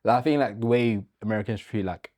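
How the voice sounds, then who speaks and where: A man co-hosting a casual chat about film and celebrity news, easygoing and quick with agreeing yeahs. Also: lowish voice, darkish tone. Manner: easygoing, lots of yeahs and restarts. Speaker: co-host.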